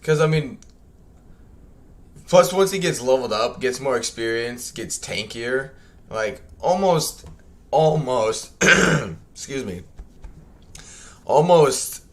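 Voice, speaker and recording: A man's voice: medium pitch, fairly bright tone. A young man streaming a strategy game, chatting casually and rambling, with many fillers and self-corrections. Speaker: gaming streamer. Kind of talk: casual livestream commentary.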